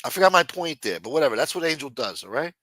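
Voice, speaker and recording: A man's voice: fairly high pitch, big pitch swings, quick pace, pushed and bright, dry recording. A man hosting a livestream, chatting casually and profanely to his chat and acting out quotes as he retells stories. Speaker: livestream host.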